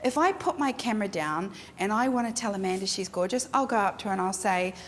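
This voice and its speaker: Frank, animated middle-aged woman leading a studio workshop; echoey hall sound, faint noise. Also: medium pitch, quick pace. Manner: frank, emphatic, animated storyteller. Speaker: photographer teaching a workshop. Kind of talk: instructional talk to a class. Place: photo studio.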